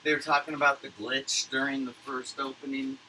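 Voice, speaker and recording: A man talks from his computer at home in a loose, wandering monologue, full of fillers and casual swearing. His voice is very bright at a middling pitch. A faint background hiss sits under it. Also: flat delivery, fairly quick, poor audio. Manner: rambling, profane, filler-heavy. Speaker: livestreamer recapping a conference.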